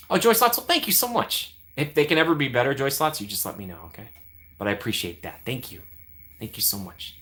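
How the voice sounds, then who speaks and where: A man's voice: lowish voice, pushed and bright. A man hosting a casual live stream, chatting with viewers by name and laughing often.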